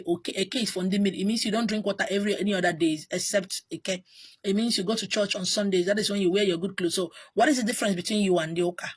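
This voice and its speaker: Speaking with a Nigerian accent, this spiritual teacher has a medium-pitched, slightly rough voice. Her casual monologue is exasperated and emphatic, looping back on itself with repeated points.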